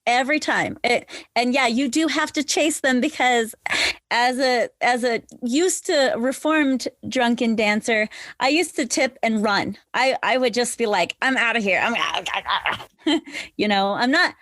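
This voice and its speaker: A woman with a fairly high voice talks frankly and laughs easily as a podcast guest. She is on a remote call, and the sound is dry and close, with no room around it. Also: unhurried, a bit bright, no echo. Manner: frank, chatty, laughs often. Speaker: podcast guest, former dancer. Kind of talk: casual interview chat.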